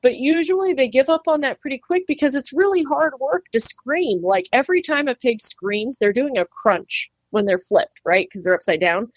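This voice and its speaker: A woman's voice: high-pitched, moderate pace, hardly any pauses, no echo. A woman who trims pig hooves, chatting animatedly in an interview and acting out quoted voices. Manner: animated, acts out quoted voices, laughs easily. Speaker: farrier and pig trimmer. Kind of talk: casual interview talk.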